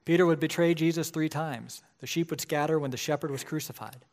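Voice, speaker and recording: A man's voice: on the high side, brisk, darkish tone. A man, a pastor, preaching a sermon in a conversational way that grows emphatic at key points.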